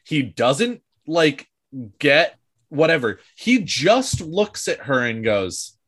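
A man co-hosting a casual podcast discussion, animated and often laughing, acting out quoted lines. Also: on the high side, slow. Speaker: podcast co-host.

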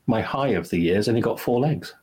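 Man, husky low voice, gushing casual podcast chat, rambling restarts. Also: expressive, fairly quick, a little mellow. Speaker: podcast co-host.

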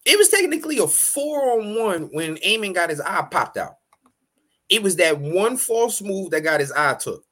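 Man, casual podcast host, lively swooping pitch, profane, laughs a lot. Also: moderate pace. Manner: animated, profane, laughs often, acts out quotes. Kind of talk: casual recap chat.

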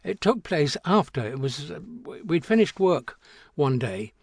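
A man in his seventies, an actor being interviewed, telling an anecdote in a halting way with many restarts and fillers. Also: fairly high pitch, big pitch swings, no echo, studio quality. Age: 70s. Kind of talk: reminiscing anecdote.

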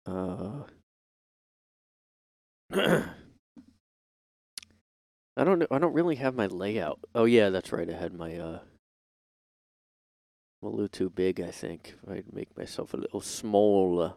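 An American man hosts a solo podcast from his room, rambling and joking with lots of fillers and self-deprecating asides. His voice is low, creaky and darkish, slow with long pauses. Recorded on a streaming setup microphone, it's studio quality with no room sound.

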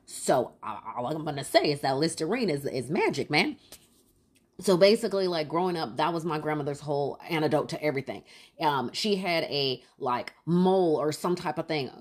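Woman, casual storyteller, lowish voice, talks in loose asides and repeats for emphasis. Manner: chatty, rambling, full of fillers and asides.

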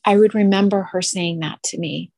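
A middle-aged woman tells a personal story in an earnest, heartfelt way. Her voice is mid-pitched and dry, recorded close with no room around it. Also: fairly even intonation, normal speed, a little mellow, dry recording. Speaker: guest.

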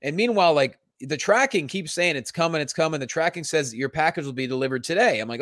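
A man's voice: mid-range voice, big pitch swings, brisk, few pauses, a bit bright, no room sound, clean studio sound. Guy hosting a podcast, telling a story all jokey, voice goes up and down a lot. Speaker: podcast host. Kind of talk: casual podcast banter.

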